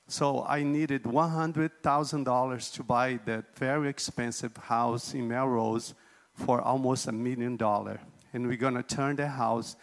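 Earnest man giving a church testimony. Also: mid-range voice. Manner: earnest, repeats himself and corrects figures as he goes. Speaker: congregation member giving testimony. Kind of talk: spoken testimony.

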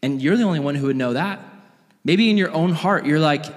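A man's voice: on the high side, animated, brisk. A man pastor giving a casual sermon in a church, talking in a chatty, earnest way that is full of "like". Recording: echoey church hall.

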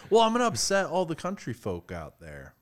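A man's voice: fairly high pitch, huge pitch swings, a little fast, slight background noise. Playful man co-hosting a podcast. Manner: playful, breaks into sung snippets. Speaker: podcast co-host. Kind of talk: casual chat. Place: studio.

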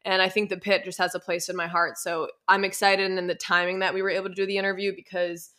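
A young adult woman hosting a podcast, telling stories in a chatty, animated way full of fillers. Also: mid-range voice, quick pace. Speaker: podcast host. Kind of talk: casual interview chat.

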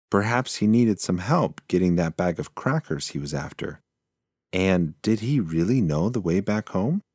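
A man narrating a children's storybook in a slow, measured reading. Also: low-pitched, darkish tone, dry recording, clean studio sound.

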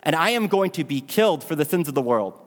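A preacher voicing Jesus, calm and firm. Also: male voice, fairly high pitch, fast. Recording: long hall reverb.

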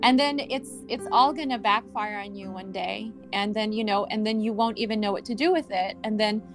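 A woman's voice: medium pitch, fairly even intonation, normal speed, music in the background. A woman podcast host and healing coach in casual conversation, rambling and searching for words with lots of fillers, laughing easily.

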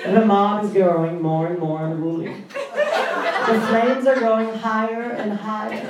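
A man's voice: very high-pitched, very echoey, recorded from a distance, very noisy, full character voice. A man voicing his wife as she tells an overwrought, theatrical Salem witch fantasy. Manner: theatrical, overwrought storybook narration.

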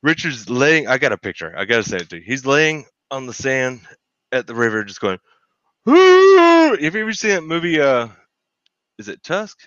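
A man, co-hosting a podcast and telling a lively story where he acts out his friends' voices. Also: medium pitch, a little fast, no echo, dull audio. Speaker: podcast co-host. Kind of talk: casual storytelling.

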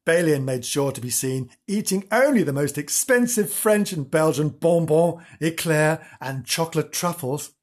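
A man's voice: on the high side, husky. A man narrating his own story in a wry, scripted first-person telling with dry humour.

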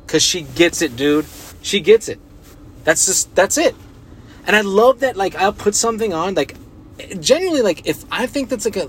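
A man's voice: high voice, slight background noise. A young man, a podcast host, talking casually on his own, rambling and swearing with lots of filler words. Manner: rambling, profane, heavy use of filler words. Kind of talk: casual solo podcast chat.

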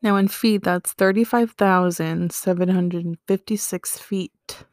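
A woman's voice: medium pitch, measured pace, gravelly, hardly any pauses, no room sound, clean studio sound. A woman hosting a casual solo podcast, explaining facts with slangy asides and joking reactions. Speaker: podcast host.

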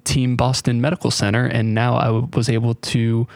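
A man's voice: mid-range voice, little pitch movement, moderate pace, gravelly, a little mellow, no room sound. A man hosts a podcast over a remote call and talks in easygoing, rambling stories. His voice sits in a middle register and sounds dry and close. He keeps the chat friendly and loose. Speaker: podcast host. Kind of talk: casual chat.

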